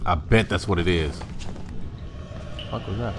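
A young man playing a horror game, swearing, talking to the character he controls and yelling high when scared. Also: measured pace, background noise. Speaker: gamer. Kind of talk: horror game let's play commentary.

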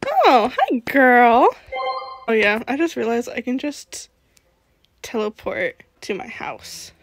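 Casting: woman, high and lively voice, giggly gameplay commentator who chats to game characters. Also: a little slow, no room sound. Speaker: gaming channel host.

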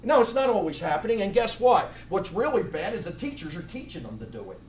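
In a church sanctuary, a middle-aged pastor preaches a blunt, fiery sermon, restarting his lines often. He talks fast in a high, sing-song voice. The mic sits far away in an echoey room, and there's a bit of hiss or hum.

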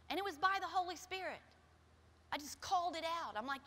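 A middle-aged woman pastor preaching a sermon with personal stories in a church, shifting from soft, quiet passages to loud, emphatic ones. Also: high voice, lively intonation, moderate pace, pauses often. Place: church sanctuary. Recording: long hall reverb.

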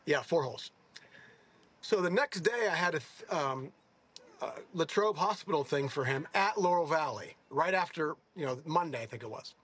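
At a normal pace and in a slightly high voice, a golfer in his sixties rambles on in a casual interview. He's animated, telling stories and correcting himself along the way.

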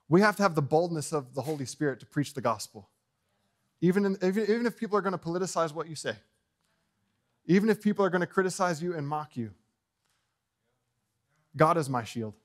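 Male pastor, church sermon, slightly higher voice, bold proclamations, quiet asides, joking with the congregation. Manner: bold preaching, swinging between shouts and quiet asides. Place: church sanctuary.

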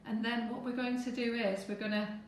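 A woman's voice: a little high, steady tone, brisk, far from the mic, a little hiss or hum. A woman teaching cake decorating on a live stream, chatting to viewers as she works through each step. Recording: echoey room, away from the mic.

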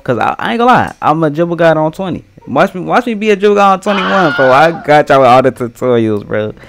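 A young man giving casual, slangy gameplay commentary, trash-talking and swinging from mumbles to yells. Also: on the low side. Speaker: gaming streamer.

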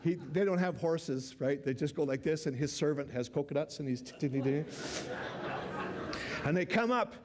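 A man's voice: on the high side, moderate pace, background noise. A male pastor preaching a sermon, telling a story animatedly with frequent laughs and restarts. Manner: animated storytelling, laughs often, repeats words. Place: church.

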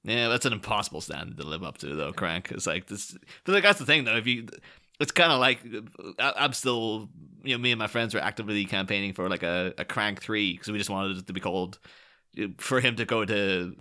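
Guy cohosting a movie podcast, bright voice, excited, keeps tripping on his words. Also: lowish voice, brisk. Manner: enthusiastic, stammering restarts, laughs mid-sentence. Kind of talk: casual podcast chat.

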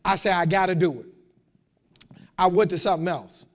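A man preaching a sermon to a congregation in a call-and-response style, repeating phrases and building up to shouts. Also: high voice, normal speed. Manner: repeats words, talks straight to the congregation. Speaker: pastor. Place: church.

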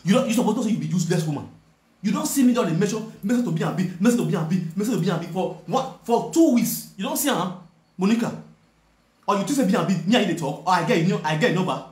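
A man's voice: sits high, animated, very fast, a little mellow, echoey room. A man speaking with a Nigerian Pidgin accent, scolding someone directly in a repetitive, confrontational rant. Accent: Nigerian Pidgin English. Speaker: online video presenter. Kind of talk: ranting direct-to-camera message.

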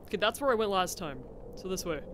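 A man commentating a horror game as he plays, talking to himself, jumpy and quick to exclaim and laugh. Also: high-pitched, lively intonation, fairly bright tone, slight background noise. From United States. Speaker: gameplay commentator. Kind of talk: let's play commentary.

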